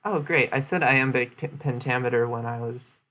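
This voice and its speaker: A young man talking through a presentation he gave in a loose, casual way. His pitch sits in an ordinary middle range, and his explanations wander, full of "um" and "like" and restarts. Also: normal speed, sharp tone. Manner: rambling with many fillers and restarts. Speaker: streamer giving a presentation recap. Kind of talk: casual chat.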